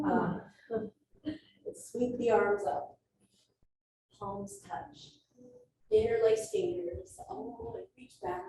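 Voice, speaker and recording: A woman yoga instructor talks a class through breathing and poses in a calm, steady voice, now and then laughing at her own asides. She sounds set back from the mic in a roomy studio with reverb. A faint hum of ambience sits underneath. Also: very high voice, very slow, pauses often. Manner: calm cueing with light self-laughing asides. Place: athletic club studio. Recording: roomy echo from far off, faint ambient noise.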